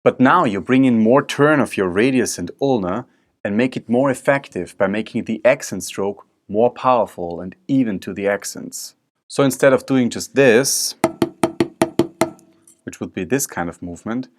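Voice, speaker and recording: A man's voice: on the low side, measured pace, background noise. A man teaching a drum technique lesson, explaining step by step while he demonstrates. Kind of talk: instructional video lesson. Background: drum strokes and music.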